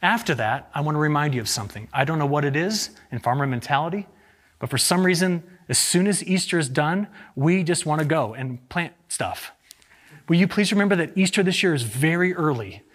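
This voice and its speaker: A man, an agricultural meteorologist, giving a lively, joking slide presentation to farmers and asking the audience rhetorical questions. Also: a little high, fairly quick, slightly rough.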